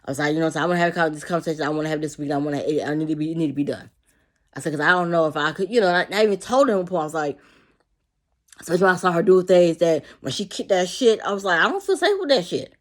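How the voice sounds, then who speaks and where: Speaking very fast in a low voice, a woman who works with young children tells a work story, cursing, rambling, and circling back over the same points. She mimics her coworkers' words as she goes in this casual vent.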